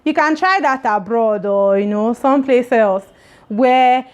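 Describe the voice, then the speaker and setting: A woman's voice: on the high side, measured pace, clear, resonant tone, muffled recording. A young Nigerian woman vlogger chatting casually to camera, addressing viewers directly.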